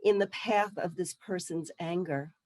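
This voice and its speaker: A woman facilitating a spiritual workshop, reflecting back what a participant shared and explaining the listening exercise calmly. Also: on the low side, measured pace, no echo. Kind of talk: teaching through role-play.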